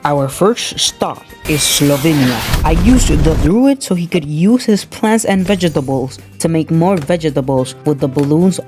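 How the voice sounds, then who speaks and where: Deadpan young man narrating gameplay over music. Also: on the high side, a little slow, few pauses. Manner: deadpan, absurdist edgy humor. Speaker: gaming YouTuber.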